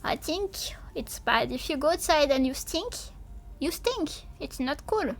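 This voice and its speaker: A woman's voice: high-pitched, expressive, measured pace. A woman streamer in casual livestream chat with her viewers. She talks in a playful, silly way, swears often and sounds sleepy. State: sleepy, yawning.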